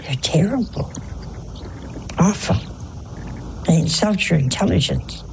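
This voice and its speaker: A woman's voice: lowish voice, expressive, slow, creaky, a little mellow, in a whisper, rough recording. An older woman, a nun, giving a folksy sermon with chatty, humorous storytelling. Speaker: nun giving a religious talk.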